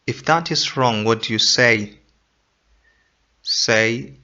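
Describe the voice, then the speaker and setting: Slow, bright-voiced teacher. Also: male voice, lowish voice, gravelly. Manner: repeats points and quizzes listener ("In what?"). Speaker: English teacher. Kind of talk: explaining grammar lesson. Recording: dull lo-fi recording.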